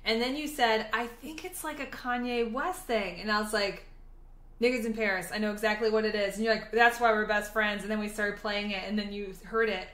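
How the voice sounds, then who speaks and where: A woman's voice: medium pitch, a little fast, roomy sound. A woman co-hosting a podcast in casual chat, telling stories with plenty of swearing and acting out what people said. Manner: animated storyteller, swears freely, acts out quotes. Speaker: podcast co-host.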